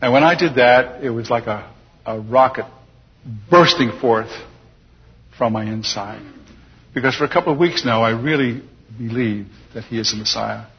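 Husky older man telling his story. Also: mid-range voice, moderate pace, long pauses. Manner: chuckling, lively storyteller. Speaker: speaker giving a personal testimony. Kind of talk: storytelling testimony to an audience. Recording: dull lo-fi recording with long hall reverb.

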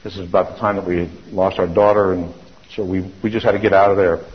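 A middle-aged church speaker gives a testimony sermon in a low, flat-pitched voice at a fast clip. He's an earnest storyteller who often restarts and repeats himself, captured on a dull lo-fi recording.

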